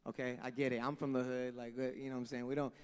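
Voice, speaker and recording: A man's voice: mid-range voice, flat delivery, very fast, clear, resonant tone. A young man from Los Angeles, a band frontman giving an earnest, rambling, profane speech to a live crowd at an outdoor event. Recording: long echoing reverb from a sound system.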